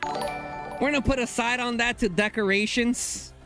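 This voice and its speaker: A young man streaming a game live, talking to his chat in casual slang and bursting into excited high exclamations. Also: a little slow, music in the background.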